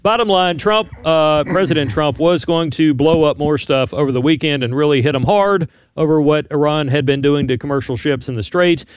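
A man delivers news on a talk radio show with a crisp, resonant voice. His manner is brisk and lightly wry. The studio sound is close and dry. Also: fairly high pitch, dry recording.

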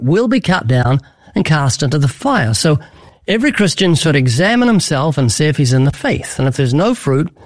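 An evangelist guest explains his evangelism in an interview, preaching earnestly through urgent stories with acted-out dialogue. His voice is on the high side, recorded with no echo.

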